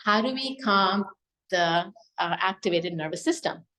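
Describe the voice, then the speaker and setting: A woman's voice: mid-range voice, a little slow, pushed and bright, a little hiss or hum, low-quality recording. A woman giving a live wellness talk to an audience, explaining step by step and often checking in with "right?". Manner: explains with questions and frequent "right?". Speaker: wellness presenter.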